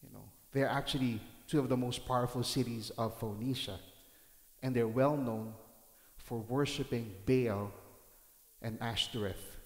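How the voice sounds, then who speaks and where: A male pastor delivering a sermon, reading scripture aloud and breaking into dramatic shouted reenactments. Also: medium pitch, fairly even intonation, measured pace. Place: church hall. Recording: roomy church hall with long reverb.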